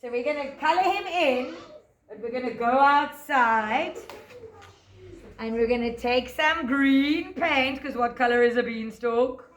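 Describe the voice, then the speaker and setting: A woman's voice: high voice, reverberant. Sing-song woman telling a children's story. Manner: gentle, sing-song, drawn-out words. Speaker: preschool teacher. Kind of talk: storytelling and craft lesson for children.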